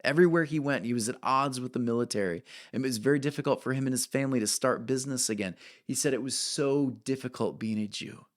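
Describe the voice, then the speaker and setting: A man's voice: medium pitch, quick pace, few pauses. Casual-sounding man preaching a sermon. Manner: conversational preaching with frequent "right?" and "um". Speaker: pastor.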